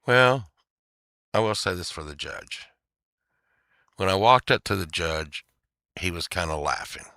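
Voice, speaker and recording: A man's voice: low-pitched, normal speed, sharp tone, no echo, studio quality. A man telling a rambling, profane personal story in a casual rant. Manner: rambling and profane, with repeated fillers.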